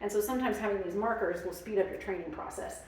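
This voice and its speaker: A woman's voice: mid-range voice, fast talker, a little mellow, far from the mic, a little hiss or hum. A woman dog trainer explaining her methods in a casual, chatty way, with many fillers. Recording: very echoey room, off-mic.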